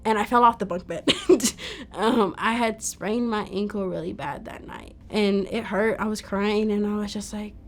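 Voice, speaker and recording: A woman's voice: mid-range voice, fairly even intonation, moderate pace, faint music behind. Young woman telling her story. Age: young adult. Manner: casual storytelling, quotes herself, fillers like "like". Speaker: testimony speaker. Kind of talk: personal testimony.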